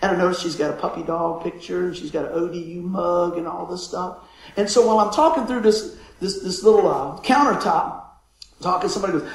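A man's voice: high-pitched, fast, roomy sound, rough recording. A man preaching a folksy sermon, often chuckling and calling out for amens. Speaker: pastor.

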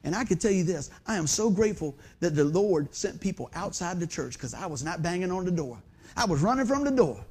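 A middle-aged man preaching a sermon, folksy and animated, full of rhetorical questions. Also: high-pitched, brisk, slightly rough. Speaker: pastor.

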